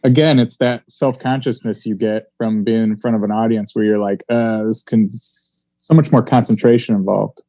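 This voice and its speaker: A man's voice: lowish voice, steady tone, warm tone, no room sound. A man co-hosting a podcast, chatting casually and adding reflective observations. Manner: agreeable, reflective, adds quick observations. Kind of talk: casual chat about comedy.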